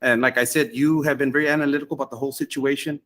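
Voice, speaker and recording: A man, a school board member, speaking in a rushed, apologetic way at a meeting. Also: medium pitch, steady tone, a bit bright.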